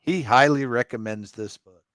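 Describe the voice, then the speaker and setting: A man's voice: mid-range voice, normal speed, fairly bright tone, no echo, studio quality. A man co-hosting a casual live chat, wry and teasing as he goes through a pile of items. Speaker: co-host.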